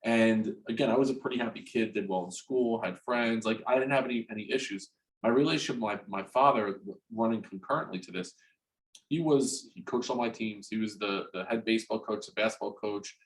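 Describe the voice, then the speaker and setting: In a lowish voice on a rough recording, a man from New Jersey in his forties shares a personal story as an interview guest. He's blunt and swears freely, yet hesitant, often restarting and repeating words.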